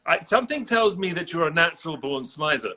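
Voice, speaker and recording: An English man hosts a live video call with a high, bright voice. He chats casually, teases his guest and laughs easily, with a sharp ring to his tone. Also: very animated, brisk. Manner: playful, teasing, laughs often. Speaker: host. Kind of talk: casual live-stream chat.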